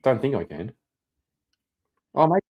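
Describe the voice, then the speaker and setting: A man's voice: mid-range voice, sing-song, a little slow, slightly rough, muffled recording. Laughing, swearing male streamer. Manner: profane, rambling, laughs a lot. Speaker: live stream host. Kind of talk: casual chat reacting to viewers.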